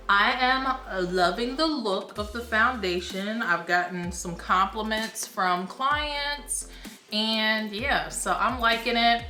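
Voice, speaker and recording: Young woman, beauty vlogger, rambling casual chat, bright tone, a little breathless. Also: medium pitch, reverberant. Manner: chatty, rambling, laughs at herself.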